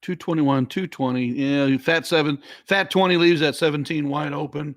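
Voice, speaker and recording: A man's voice: on the high side, steady tone, normal speed, no echo. A man co-commentating on darts, teasing his partner with dry humor. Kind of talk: live sports commentary banter.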